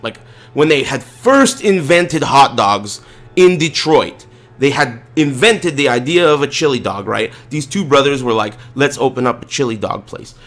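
A man streaming, telling a casual, profane, rambling story with animated delivery. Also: mid-range voice.

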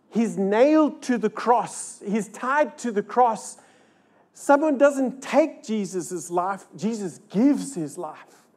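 An older man delivers a sermon at a church service. He preaches dramatically, climbing into loud, high peaks and then dropping to hushed, low lines. He keeps asking the congregation rhetorical questions. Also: expressive, a little slow. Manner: asks the crowd rhetorical questions. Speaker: pastor.

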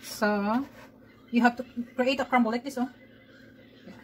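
A mother with a high, bright-sitting voice talks her daughter through each baking step, coaxing and chatty. Faint kitchen ambience hums behind her. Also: steady tone, measured pace, slight background noise, rough recording. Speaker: home cook and mother. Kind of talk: casual cooking vlog.

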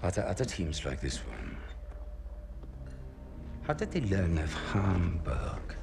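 An actor playing a cold, menacing officer in a video game cutscene. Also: male voice, low-pitched, big pitch swings, slow, creaky, noisy background, heavily acted.

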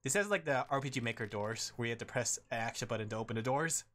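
A man's voice: mid-range voice, fast, a bit bright. Chatty male gaming streamer. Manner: chatty, laughs often, talks to chat. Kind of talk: casual gaming commentary.

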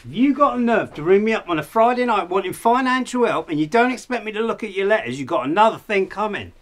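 A middle-aged man playing a worried son who is blunt and quickly exasperated. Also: sits high, sing-song. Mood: exasperated, angry. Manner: blunt and exasperated, with a rising temper. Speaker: actor in a student short film. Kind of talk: low-budget film acting.

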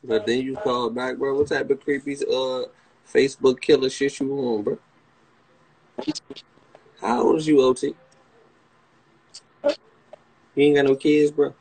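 A man's voice: medium pitch, steady tone, unhurried, vocal fry, pauses often, darkish tone, slightly rough, rough recording. A young man with a Washington DC area accent, talking on a livestream, brash and profane, mocking a guest. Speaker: livestream host. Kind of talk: casual livestream chat, roasting a guest.

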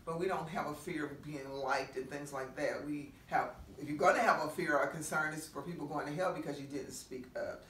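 A woman pastor giving a conversational sermon, full of rhetorical questions and quick asides. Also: low-pitched, fairly even intonation, fairly bright tone. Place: church meeting room. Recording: roomy echo from a distant mic, faint noise.

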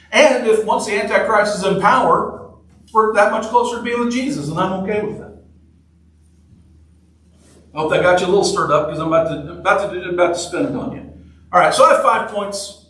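High-voiced preacher, echoey church. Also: male voice, fairly bright tone. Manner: conversational, joking, repeats phrases. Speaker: pastor. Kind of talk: sermon. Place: church sanctuary. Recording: echoey church hall from far off.

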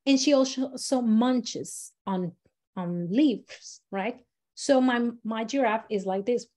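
A woman's voice: on the high side, slow, a little mellow. Chatty woman teaching a storytelling workshop. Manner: chatty, many fillers and restarts, acts out examples. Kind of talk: casual teaching talk.

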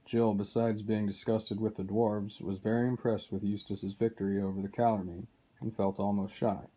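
A man reading a children's novel aloud in a steady, unhurried way. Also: lowish voice, slightly rough, poor audio. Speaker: reader.

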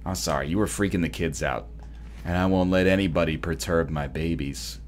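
A man giving quick, joking commentary while playing a video game as host. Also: deep voice, a little hiss or hum. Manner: quick, joking, animated riffs. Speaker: let's play host. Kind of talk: comedic gameplay commentary.

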